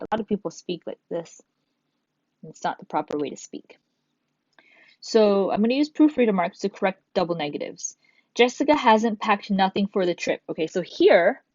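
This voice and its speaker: A woman's voice: mid-range voice, a little mellow, no echo. A woman teacher giving a recorded grammar lesson, patiently explaining step by step and reading examples aloud. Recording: dull, dry lo-fi sound.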